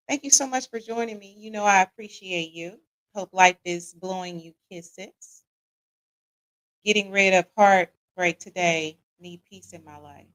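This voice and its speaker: A woman's voice: medium pitch, fairly bright tone, poor audio. An American woman hosting a live-streamed relationship talk show, chatty, greeting viewers by name and tagging lines with "right?". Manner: repeats "right?" as a tag; casual Southern-leaning slang, "y'all". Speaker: podcast host.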